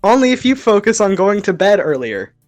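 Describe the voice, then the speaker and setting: A woman's voice: medium pitch, very animated, a little fast, darkish tone, no room sound, lightly acted. A woman voicing a bubbly, cheerful teenage schoolgirl in a playful amateur game dub. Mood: sweet. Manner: playful, giggly line reading. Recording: background game music.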